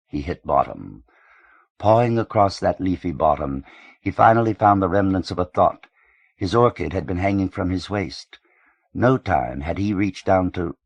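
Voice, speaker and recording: A man reading a novel aloud in measured, even audiobook narration. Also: sits low, breathy edge, no echo.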